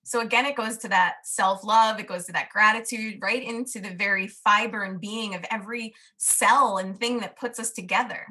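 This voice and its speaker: A woman guest on a podcast, telling a personal story in a lively, earnest, casual way, peppered with "you know" and "like". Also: medium pitch, moderate pace, few pauses.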